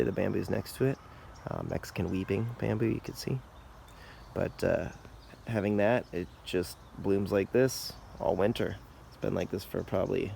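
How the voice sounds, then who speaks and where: A man hosting a casual outdoor garden tour, explaining plants in a relaxed, informal way. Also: low voice, vocal fry, a little hiss or hum. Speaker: garden channel host.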